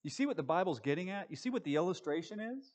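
A man preaching a sermon, moving between quick conversational asides and slow, deliberate scripture reading. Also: sits high, very animated. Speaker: pastor.

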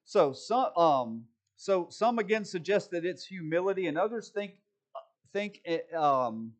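Animated, chatty male preacher. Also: high-pitched, a little slow. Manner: chatty, self-deprecating asides and frequent "right?" check-ins. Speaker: preacher teaching a Bible study. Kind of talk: conversational sermon.

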